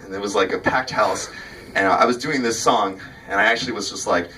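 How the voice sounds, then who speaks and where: A man rapping and joking with the crowd during a live set, with rapid punchy rhymes and loose stage talk. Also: on the low side, pushed and bright, a little hiss or hum. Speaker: rapper performing a live set. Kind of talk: live rap performance and stage banter. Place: live music venue with crowd. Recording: distant live concert recording with music. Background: backing music.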